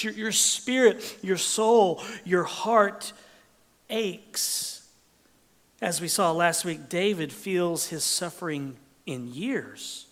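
A man preaching a sermon as pastor, expressive, dropping to whispers and rising for emphasis. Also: high voice, big-room sound.

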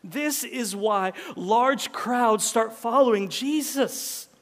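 High-voiced male preacher, reverberant hall. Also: slow pace, a bit bright. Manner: conversational preaching with modern comparisons and rhetorical questions. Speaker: pastor. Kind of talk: sermon. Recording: long reverb of a large hall.

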